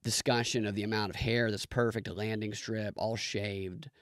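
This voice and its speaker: A man's voice: moderate pace, no room sound, studio quality. A man giving a comedic, profane rant reviewing a show. He swears freely, jumps between ideas and mimics the people he describes. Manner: profane, animated, mimics people in squeaky voices.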